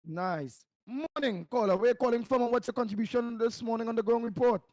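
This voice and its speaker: This is a man with a notably high voice who hosts a morning call-in show. He chats, exclaims, and nudges his callers to speak up. The sound is dry and close. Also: a little fast, a little mellow, dry recording. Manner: chatty, exclaiming, prodding. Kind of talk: call-in radio hosting.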